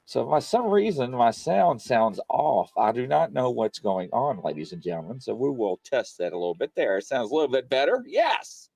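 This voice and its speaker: Rambling, lively male paranormal show host. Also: mid-range voice, normal speed, gravelly, hardly any pauses, slightly rough, no room sound, faint music behind. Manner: rambling, animated storyteller with many fillers. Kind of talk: casual live-stream chat. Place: home studio.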